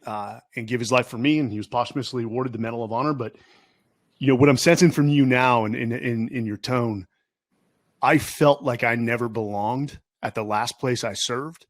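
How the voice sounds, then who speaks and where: A man's voice: mid-range voice, moderate pace, no echo. A man, a podcast host and military veteran, asking long rambling questions full of fillers. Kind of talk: casual interview.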